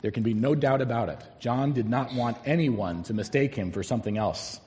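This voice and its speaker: A male pastor preaching a sermon, telling a story and slowing down to stress key words. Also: mid-range voice, darkish tone. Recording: long hall reverb.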